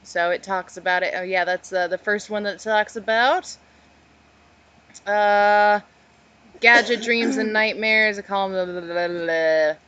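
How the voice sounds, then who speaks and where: A woman with a mid-pitched voice co-hosts a casual podcast. She reads an article aloud, dropping in offhand asides as she goes. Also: fairly even intonation, a little slow, fairly bright tone, rough recording. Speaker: podcast co-host.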